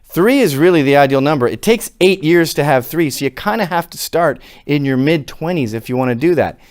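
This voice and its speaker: Middle-aged man ranting, higher voice. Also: expressive, fairly quick, dry recording, clean studio sound. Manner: ranting, sarcastic, swings from quiet to shouting. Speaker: commentator. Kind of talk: profane opinion monologue.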